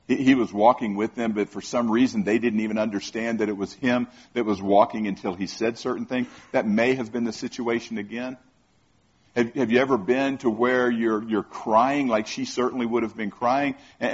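A man preaching in a husky voice, conversational and full of questions for the listeners. He often stumbles and repeats words. The recording sounds dull and lo-fi. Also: medium pitch. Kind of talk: sermon.

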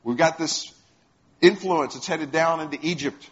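A man's voice: fairly high pitch, measured pace. Man preaching a storytelling sermon. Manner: storytelling, asks the congregation questions. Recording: dull lo-fi sound.

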